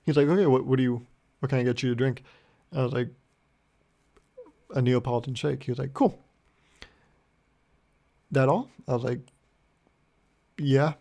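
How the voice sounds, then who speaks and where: A young man hosting a solo podcast, telling rambling deadpan stories full of swearing and acting out both sides of a conversation. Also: medium pitch, moderate pace, gravelly, long pauses. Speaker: podcast host. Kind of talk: solo comedic storytelling podcast.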